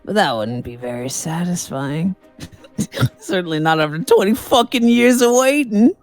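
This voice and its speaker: A woman's voice: fairly low pitch, animated, a little slow, a little mellow, soft background music. A woman voicing a bitter, vengeful male ex-convict while reading game dialogue, snarling, taunting and swearing. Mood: menacing.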